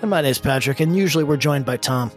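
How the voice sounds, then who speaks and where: A man's voice: mid-range voice, fast. A man co-hosting a music podcast, promoting it in an easygoing way. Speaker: podcast co-host doing a promo.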